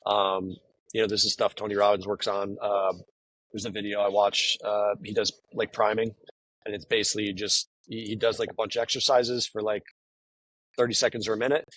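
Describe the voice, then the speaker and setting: A man's voice: fairly low pitch, flat delivery, fairly quick, fairly bright tone, no echo, low-quality recording. A man talking casually as an interview guest, rambling with many fillers and restarts. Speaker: guest, professional poker player. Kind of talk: casual conversation.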